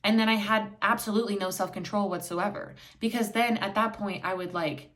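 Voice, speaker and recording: A woman's voice: mid-range voice, steady tone, brisk, fairly bright tone. Young woman, solo podcast host; candid, blunt, casual, swears freely, acts out quotes; recorded on camera indoors. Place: indoors, filming herself on camera.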